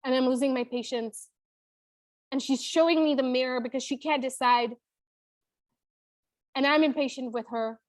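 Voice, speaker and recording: A woman's voice: sits high, fairly even intonation, normal speed, long pauses, no echo. A woman in her thirties, a business coach, telling a personal story in an emotional, confiding way. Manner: emotional, confiding, frequent "you know".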